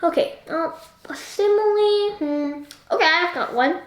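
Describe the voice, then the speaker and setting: A woman with a high voice talks through a book at an unhurried pace, rambling and turning to the listener with question after question. Her voice rings in an echoey room. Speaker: book discussion host. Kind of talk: casual book discussion.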